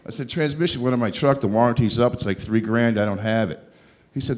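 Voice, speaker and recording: A stand-up comic working a club crowd. He is sarcastic, with dry, deadpan asides, and sits at a middling pitch for a man. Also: fast. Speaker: stand-up comedian. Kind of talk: stand-up comedy set. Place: comedy club stage.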